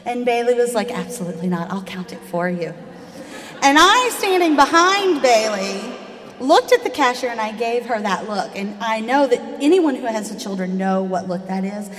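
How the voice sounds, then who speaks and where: A woman, telling a personal story live with a wry touch, sometimes dropping to a hush. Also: on the high side, lively intonation, moderate pace. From Southern United States. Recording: echoey hall with long reverb.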